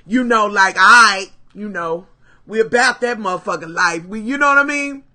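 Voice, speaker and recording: A woman telling a story to her live stream viewers, animated and full of profanity, calling them "y'all". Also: mid-range voice, moderate pace. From Kentucky, USA.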